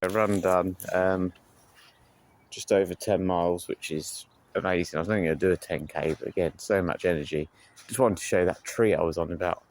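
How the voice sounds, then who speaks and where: A man's voice: deep voice, brisk, poor audio. A man vlogging casually, rambling with lots of fillers, speaking into a handheld phone outside on a seaside promenade. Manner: rambling, chatty, full of fillers. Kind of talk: casual vlog chat. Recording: loud outdoor background noise.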